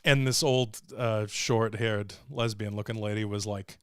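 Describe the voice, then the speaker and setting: Animated, profane man telling a story. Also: fairly low pitch, unhurried, hardly any pauses, clean tone, no room sound, clean studio sound. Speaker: show host. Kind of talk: livestream storytelling.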